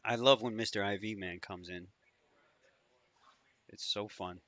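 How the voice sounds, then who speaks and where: A man's voice: lowish voice, fairly even intonation, measured pace, a bit bright, no room sound. A man hosting a live trading stream, talking through charts in loose, profane, joking banter.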